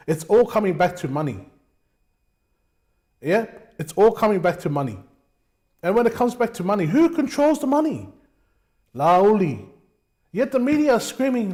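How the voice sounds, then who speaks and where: A man's voice: sits high, a little mellow. A man rants through fiery political commentary on his talk show. He keeps calling listeners "mate", and his voice often jumps up when he pushes a point. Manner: passionate, ranting, says "mate" often. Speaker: show host.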